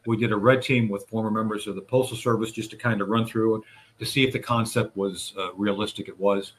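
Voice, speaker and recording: A man recounting a series of events in recorded testimony, speaking deliberately with frequent hesitations and restarts. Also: fairly low pitch, steady tone, husky. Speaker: whistleblower advocate recounting events. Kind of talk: recorded testimony played on a radio show.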